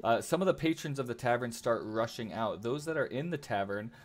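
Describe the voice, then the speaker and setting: A man narrating as game master of a tabletop game, halting with frequent filler sounds. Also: mid-range voice, lively intonation.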